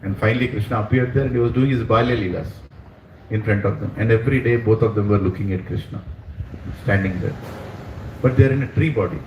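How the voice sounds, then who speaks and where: A man telling a devotional story to a gathering, animated and dramatizing, dropping in phrases of Hindi. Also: fairly low pitch, fast talker, dull audio. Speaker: spiritual storyteller. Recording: roomy hall, distant mic, faint noise.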